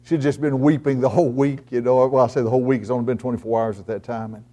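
A middle-aged man preaching a sermon as pastor, swinging between loud emphatic lines and hushed storytelling. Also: mid-range voice, steady tone, quick pace.

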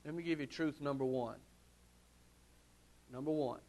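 A man preaching a sermon, swinging from loud ringing calls to hushed low murmurs, with drawn-out emphatic repetition. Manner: slow, drawn-out emphatic delivery with repeated phrases.

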